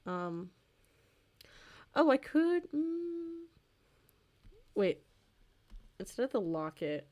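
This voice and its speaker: A woman's voice: high-pitched, very animated, drawn-out words, warm tone. Rambling young woman chatting while drawing. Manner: rambling, lots of fillers, easily amused. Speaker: streamer and artist. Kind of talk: casual livestream chat while drawing.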